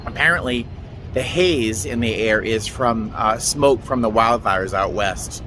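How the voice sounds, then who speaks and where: A man chatting excitedly to his phone camera in a casual travel vlog, self-deprecating and talkative. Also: on the low side, a little slow, background noise. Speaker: flight attendant vlogger.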